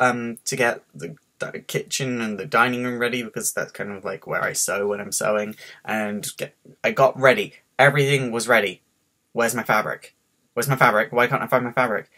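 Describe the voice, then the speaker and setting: A man's voice: mid-range voice, bright, forceful tone. A man with a faint Scottish accent, stressed and rambling through a casual story about his day on a home webcam vlog. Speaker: vlogger.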